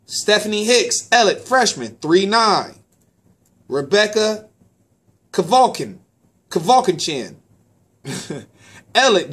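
Man, sports talk host and parent, slightly high voice, loose animated delivery, repeats himself, casual shout-outs. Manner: animated, repeats words, stumbles on names.

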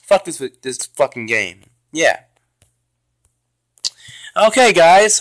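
A young man giving raging, profane commentary on his own gameplay as a YouTuber, yelling and cursing in frustration. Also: on the high side, no room sound. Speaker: gaming YouTuber.

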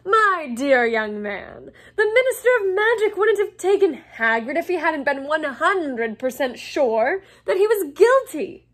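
A woman voicing a pompous, relentlessly cheerful male wizard teacher who talks down to people in a slow, loud, self-satisfied way. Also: high-pitched, very animated, pitched above the performer's own voice, heavily acted. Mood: smug, condescending. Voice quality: condescending, drawn-out and loud.

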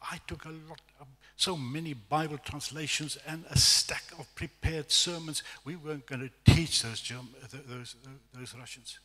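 A middle-aged man with a South African accent, telling a lively, self-deprecating testimony as a guest preacher at a church evening service. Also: a little high, normal speed, hardly any pauses. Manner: storytelling, animated, self-deprecating humor. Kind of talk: testimony sermon. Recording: echoey church hall reverb.

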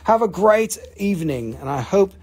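A man hosting a live mineral sale, joking, swearing, and pitching his stones with enthusiasm. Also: sing-song, moderate pace, a little mellow, slightly rough. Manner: joking, profane, enthusiastic salesman. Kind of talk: livestream sales chat.

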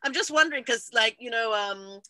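A woman moderating a panel over a video call, asking questions in a halting, searching way. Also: fairly high pitch, sharp tone, dry recording. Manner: halting, searching, repeats words. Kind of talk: conversational interview questions.

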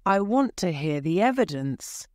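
A woman's voice: lowish voice, sing-song, a little slow, a little mellow, no echo, clean studio sound. Woman reading as a polite young girl. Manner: polite but firm.

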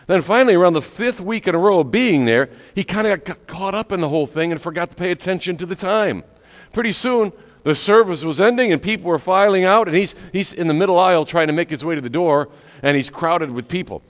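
Lively, dramatic male pastor preaching. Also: high-pitched. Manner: dramatic pauses, whispery drops on key words. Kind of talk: sermon storytelling. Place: church sanctuary. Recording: echoey church hall with long reverb.

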